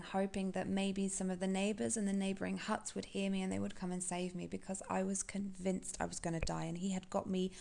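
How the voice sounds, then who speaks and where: Woman telling a painful story, gravelly. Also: medium pitch, a little mellow. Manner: emotional, halting, candid. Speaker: podcast host. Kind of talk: personal storytelling.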